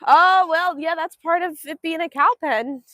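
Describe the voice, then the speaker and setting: A woman's voice: very high voice, moderate pace, bright, forceful tone, no echo. A woman from Northeast Texas, hosting a casual livestream from an outdoor cow pen. She chats affectionately, answers viewer comments and coos to the animals in a sing-song baby voice. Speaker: livestream host.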